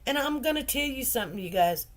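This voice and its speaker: A woman's voice: high voice, lively intonation, quick pace. A woman hosting a commentary channel tells a personal story straight to her viewers, emotional and repetitive. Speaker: host of a news commentary channel.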